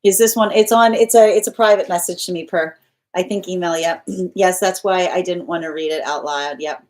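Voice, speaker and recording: A woman's voice: lowish voice, steady tone, moderate pace, darkish tone. A woman tarot reader chats through her live stream from home, reading comments aloud in a loose, rambling way. She laughs easily and restarts her sentences as she goes. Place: at home with her pet nearby.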